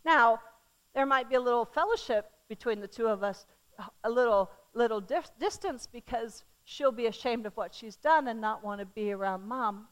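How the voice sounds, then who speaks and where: A middle-aged woman preaching a sermon, swinging from loud calls to the crowd down to soft, hushed words. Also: fairly high pitch, normal speed. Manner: animated, shifting from loud calls to soft near-whispers.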